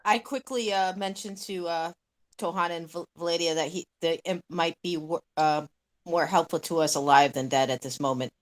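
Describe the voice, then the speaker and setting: A woman's voice: lowish voice, normal speed. A woman playing a tabletop game, speaking in a hesitant way with fillers. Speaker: player.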